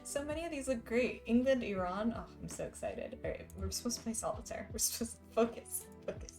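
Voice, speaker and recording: A woman's voice: a little high, expressive, brisk, darkish tone, soft background music. Giggly woman chatting on stream. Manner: giggly, chatty, reads chat aloud. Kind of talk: casual live-stream chat.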